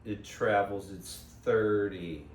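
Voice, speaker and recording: Slow-talking man in an echoey room. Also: fairly low pitch, fairly even intonation. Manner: rambling, digressive, self-interrupting. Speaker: host. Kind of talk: casual spiritual monologue. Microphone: phone. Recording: echoey room, voice from far off, faint hiss.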